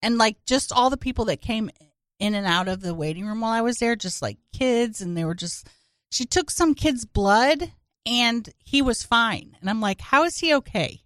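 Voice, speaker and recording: A woman's voice: a little high, animated, moderate pace, fairly bright tone, no room sound, studio quality. Crude, joking woman in casual chat.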